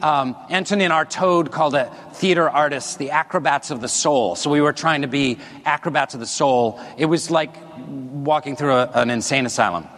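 Man giving a stage talk, a bit high-pitched, rambling and self-mocking, reverberant large hall. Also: moderate pace, few pauses, fairly bright tone. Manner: rambling and self-deprecating, with jokes to the crowd. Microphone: wearing a body mic.

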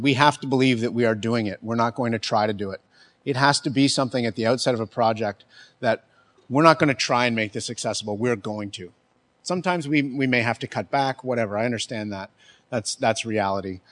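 A man giving a casual talk on accessibility, conversational, often restarting and checking in with the listeners. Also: mid-range voice. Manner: conversational, restarts, keeps asking "right?". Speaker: speaker on accessibility.

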